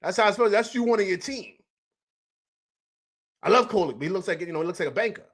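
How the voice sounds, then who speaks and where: Husky new guy on a live stream, loose slangy chat, keeps repeating himself. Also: high-pitched, animated, quick pace, fairly bright tone.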